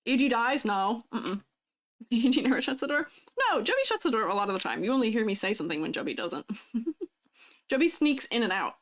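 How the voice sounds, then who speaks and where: A woman's voice: on the high side, expressive, brisk. A young woman streaming casually, playful, laughing often and answering chat. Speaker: vtuber streamer.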